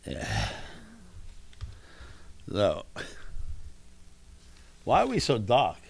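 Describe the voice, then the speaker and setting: A man's voice: fairly low pitch, huge pitch swings, very slow, creaky, slightly rough. A man co-hosting a live stream, chatting casually and teasing. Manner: joking, teasing, does mock impressions. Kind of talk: casual chat.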